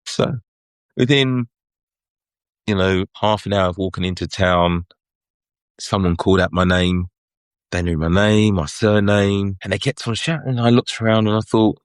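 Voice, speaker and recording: A man's voice: fairly low pitch, measured pace, pauses often, smooth, no room sound. A middle-aged man with a London English accent, telling stories as a guest in a casual interview, chatty and laughing often. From England. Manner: chatty, lively anecdotes with frequent laughs. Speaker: guest photographer.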